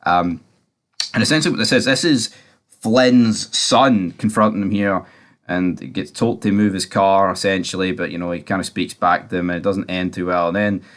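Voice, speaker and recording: A man's voice: sits low, steady tone, moderate pace, a bit bright. Rambling man recapping a show. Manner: rambling, swears freely, many fillers. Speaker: TV episode recapper. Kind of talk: casual episode recap.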